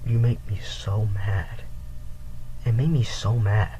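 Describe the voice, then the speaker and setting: A man's voice: on the low side, fairly even intonation, slow, dark tone, slightly rough, rough recording. A teenage boy telling a rambling storytime in casual, profane slang. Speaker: vlogger.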